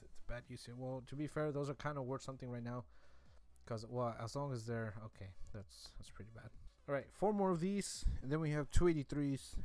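A man's voice: mid-range voice, darkish tone. A young man giving rambling casual commentary while opening game card packs, repeating himself with mock-defensive asides. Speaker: gaming YouTuber.

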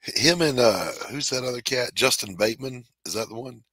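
A man's voice: medium pitch, animated, normal speed, sharp tone, husky, no room sound. A middle-aged man hosting a podcast, cracking jokes in casual comedic chat and laughing at his own lines. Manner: wisecracking, laughs and coughs through jokes. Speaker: podcast host.

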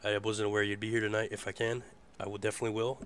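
A man hosting a casual live internet radio show. His voice is hoarse, and he rambles in a laid-back way and swears freely. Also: fairly low pitch, flat delivery, rapid-fire, fairly bright tone, a little hiss or hum. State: hoarse from a rough voice. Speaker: host.

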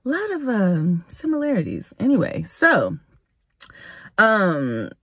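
Slow, lively storytelling woman. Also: medium pitch, breathy edge, no echo, studio quality. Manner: animated, dramatic retelling with laughs. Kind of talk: personal storytime vlog.

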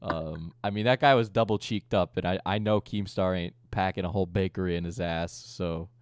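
A man's voice: low voice, brisk, smooth, dry recording, studio quality. A young man hosting a casual podcast chat, rambling and joking crudely. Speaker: streamer and host.

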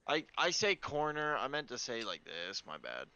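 A man's voice: medium pitch, big pitch swings, normal speed, sharp tone, muffled recording. A man playing in a tabletop game, hesitant and apologetic as he sorts out his moves. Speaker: player. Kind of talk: casual tabletop play.

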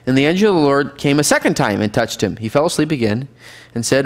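A man's voice: mid-range voice, lively intonation, fast talker. A man teaching a Bible study class, reading scripture aloud and explaining it in a conversational way, asking the class questions.

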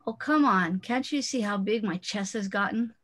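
A woman's voice: medium pitch, normal speed, a bit bright, natural voice. A woman reading as a shy, stubborn tomboy girl. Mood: embarrassed. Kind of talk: reading aloud from a chapter book.

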